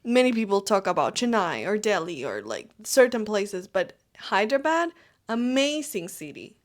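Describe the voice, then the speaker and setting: A woman's voice: medium pitch, big pitch swings, normal speed. A woman co-hosting a podcast, chatting expressively about a trip and imitating the sounds she heard. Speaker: podcast co-host. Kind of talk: casual chat.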